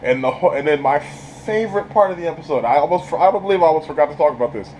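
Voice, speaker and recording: A man's voice: fairly high pitch, lively intonation, racing, warm tone, slight background noise, rough recording. A man giving a casual, enthusiastic spoken review of a TV episode, rambling and laughing often. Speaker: YouTube show reviewer.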